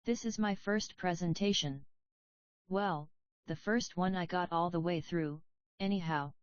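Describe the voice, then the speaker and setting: A woman's voice: on the low side, unhurried, no room sound, muffled recording, close to an everyday voice. A woman reading the part of a shy, polite young male salesman who talks hesitantly.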